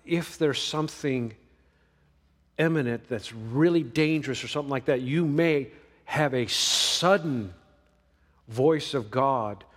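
A man preaching a sermon, swinging between emphatic lines and hushed ones. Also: medium pitch, slow pace. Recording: long reverb of a large hall.

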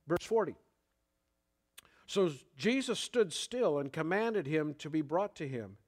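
A man preaching a sermon in an unhurried, conversational way, with fillers and the odd chuckle. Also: a little high, expressive. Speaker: pastor.

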